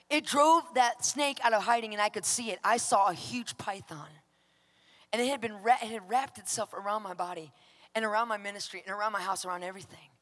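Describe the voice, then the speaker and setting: A woman's voice: medium pitch, brisk, a bit bright, in a large hall. A woman minister giving a personal testimony, telling it emphatically and dramatically and acting out her own outbursts.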